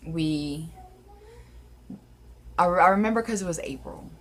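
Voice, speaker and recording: A woman's voice: low voice, lively intonation, a little slow, fairly bright tone. A young woman telling a paranormal story in a casual vlog, rambling with many fillers, recorded on her phone. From Louisiana, USA. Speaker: paranormal vlogger. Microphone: phone camera.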